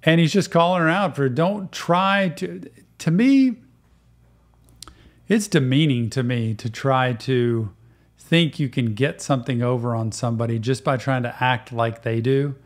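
A man's voice: mid-range voice, a little slow. A man hosting a reaction video, talking earnestly and conversationally about a clip. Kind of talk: reaction commentary.

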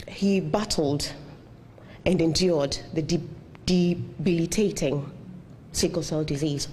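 A middle-aged woman giving a memorial tribute speech, halting and heartfelt, with many pauses and fillers. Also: lowish voice, warm tone, a little hiss or hum. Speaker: eulogy speaker.

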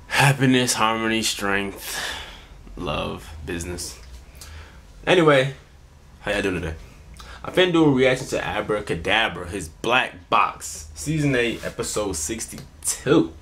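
A man's voice: fairly low pitch, expressive, a little slow, a bit bright. A man hosting a reaction video, talking in a laid-back, slang-heavy casual style to his viewers.

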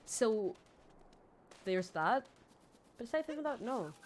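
A woman's voice: mid-range voice, very animated, measured pace, pauses often, a little mellow. Female game streamer, casual rambling commentary, self-mocking, faint background hiss. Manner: chatty, rambling, self-mocking, swings from mumbles to squeals. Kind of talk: casual let's-play commentary.

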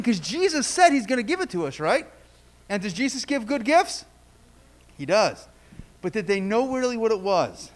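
A man leading a children's story in church, playfully asking the kids questions and telling a story. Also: high voice. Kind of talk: children's sermon. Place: church sanctuary.

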